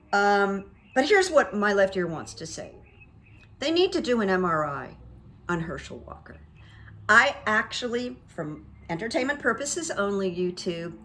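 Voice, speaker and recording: Speaking in a medium-pitched, slightly bright voice, a middle-aged woman runs through current events on the psychic commentary channel she hosts. It's a relaxed political monologue, chatty and opinionated, sprinkled with asides and fillers.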